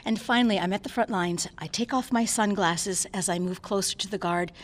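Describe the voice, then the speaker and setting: A woman's voice: medium pitch, brisk, lightly acted. An actress playing a frightened, defiant woman doctor. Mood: tense. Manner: intense, shifting from hushed dread to screaming. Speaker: actor performing a diary monologue. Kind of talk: dramatic stage reading.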